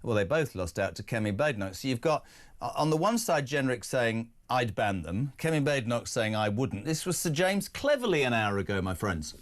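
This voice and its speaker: A man hosting a live breakfast radio phone-in, brisk and chatty, with quick joking asides. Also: mid-range voice, very animated.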